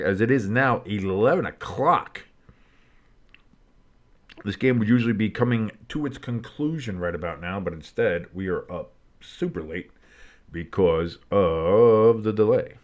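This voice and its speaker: A tired, yawning man hosting a live football stream, calling the plays with loose, rambling chatter and sudden excited calls. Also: fairly low pitch, moderate pace, highs cut off. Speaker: play-by-play streamer and show host. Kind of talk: live play-by-play commentary with reactions.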